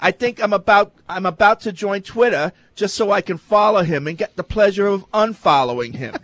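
A man's voice: sits high, moderate pace, a bit bright, no echo. A man hosting a sports talk show, reading listener questions aloud and answering them with sardonic, mocking humor.

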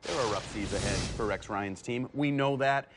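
A man's voice: moderate pace, background noise. A man in his thirties hosting a sports show with cocky, needling opinions. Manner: cocky, needling, swings pitch for emphasis. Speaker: host.

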